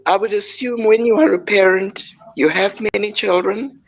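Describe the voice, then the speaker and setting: Older woman, interview guest, measured and heartfelt, dull lo-fi stream sound. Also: medium pitch. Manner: measured, heartfelt, pausing often. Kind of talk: personal storytelling in an interview.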